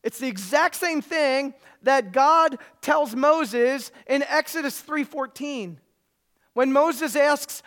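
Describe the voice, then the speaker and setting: A preacher delivering a sermon in a church service, emphatic and prone to repeating key phrases, swelling to loud excitement at the high points. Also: takes it slowly.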